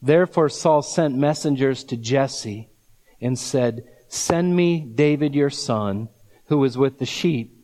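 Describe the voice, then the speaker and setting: A man preaching a sermon, slow and emphatic, drawing out key words and breaking into scripture readings with his own asides. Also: medium pitch, a little mellow, big-room sound. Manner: reads scripture aloud with asides. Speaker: pastor.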